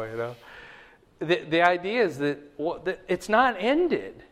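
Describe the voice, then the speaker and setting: A man's voice: sing-song, takes it slowly, long pauses, fairly bright tone. Man preaching in a reverberant hall. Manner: preaching, raising voice to read Scripture aloud, dropping low for asides. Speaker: pastor. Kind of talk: sermon.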